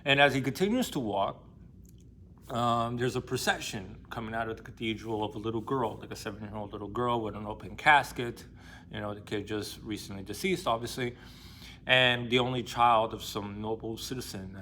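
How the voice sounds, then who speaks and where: A man's voice: fairly low pitch, pushed and bright, slight background noise. Casual, rambling man retelling a novel. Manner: loose, rambling talk full of fillers and slang. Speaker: book discussion host.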